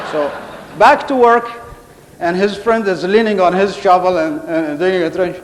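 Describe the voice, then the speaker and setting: A man's voice: high voice, moderate pace. A man tells comic stories to a live audience, switching into the voices of his characters. He speaks through a stage microphone, and his voice carries a long reverb from a big hall. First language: Arabic. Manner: storytelling, acting out quoted characters. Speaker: contest speaker. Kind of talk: humorous public speech.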